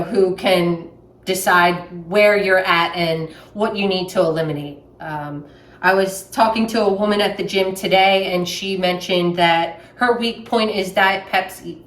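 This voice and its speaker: A young woman with a Southern US accent, chatting plainly while she makes a sandwich in her kitchen. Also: mid-range voice. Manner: chatty, plainspoken, with many fillers. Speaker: vlogger. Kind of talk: casual chat while making a sandwich. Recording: echoey room, mic at a distance.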